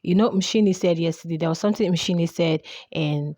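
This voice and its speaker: A woman's voice: lowish voice, a little fast, dark tone, dry recording. A young woman commenting casually on a reality show, chatty and repeating herself with many fillers. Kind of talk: casual chat.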